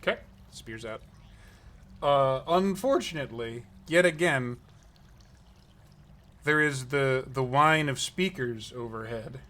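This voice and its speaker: Playful bright-voiced dungeon master. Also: male voice, mid-range voice, takes it slowly, pauses often. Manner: playful, dramatic outbursts. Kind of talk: narrating a tabletop game.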